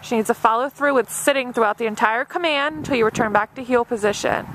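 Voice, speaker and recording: A woman's voice: fairly high pitch, fast talker, fairly bright tone, a little hiss or hum. A woman dog trainer narrating an obedience demonstration step by step, with a patient and encouraging manner. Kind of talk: instructional narration.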